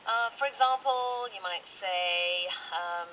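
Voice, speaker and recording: A woman's voice: lowish voice, lively intonation, very fast, hardly any pauses, bright, forceful tone, muffled recording, slight background noise. A woman hosting a radio English lesson, a native Korean speaker who switches between Korean and English and acts out example phrases. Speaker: radio English program host. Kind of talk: bilingual radio chat explaining English expressions.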